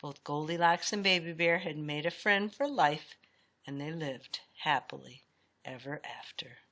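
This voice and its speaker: A woman reads a children's storybook aloud in a lowish voice. Her delivery is expressive and swings up and down the way storytelling does. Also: measured pace, slight background noise. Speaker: storybook reader.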